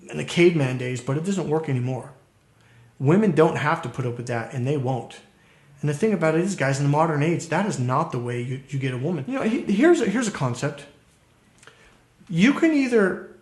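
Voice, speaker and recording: Slightly high-voiced male dating coach, echoey. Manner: animated storyteller who acts out quotes. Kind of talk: coaching talk to camera.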